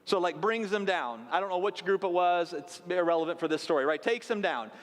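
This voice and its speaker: High-voiced pastor in an echoing hall. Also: male voice, lively intonation, brisk. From South Dakota. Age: late 30s. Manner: conversational storytelling with asides to the congregation. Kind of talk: sermon. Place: church sanctuary. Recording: long hall reverb.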